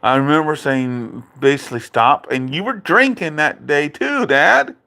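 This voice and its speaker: A man's voice: fairly high pitch, lively intonation, moderate pace, creaky, bright, forceful tone. A man ranting in a political commentary vlog, indignant and repetitive, speaking directly to his father. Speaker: video creator.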